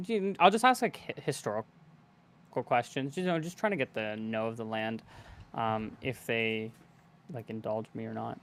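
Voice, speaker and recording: A man's voice: mid-range voice, normal speed. A man playing a tabletop game, talking hesitantly and rambling, with frequent laughs. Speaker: player. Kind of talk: casual tabletop game play.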